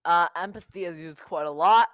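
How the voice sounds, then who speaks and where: A woman's voice: fairly low pitch, normal speed, a bit bright, dry recording. A woman judging a speech tournament, giving upbeat feedback full of uhs over a video call. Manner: upbeat, heavy on uh and awesome. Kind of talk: casual spoken feedback.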